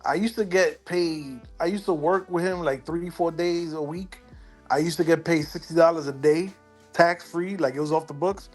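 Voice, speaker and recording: New york guy, dominican family, tells stories slightly high-voiced, music low behind. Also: normal speed. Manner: animated storyteller, acts out quotes. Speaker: interview guest, sneaker collector. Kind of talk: casual storytelling.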